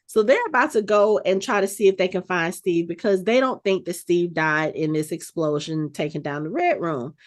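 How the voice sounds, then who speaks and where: A woman's voice: fairly low pitch, moderate pace, few pauses. Chatty woman recapping an episode. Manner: chatty storytelling, animated. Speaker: podcast co-host.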